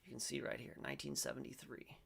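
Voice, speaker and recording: A middle-aged man hosts a faith-based commentary, his voice deeply gravelly and full of fry. He rambles and corrects himself mid-sentence, then breaks into loud, emphatic bursts. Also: little pitch movement, quick pace. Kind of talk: casual commentary, reading aloud and reacting.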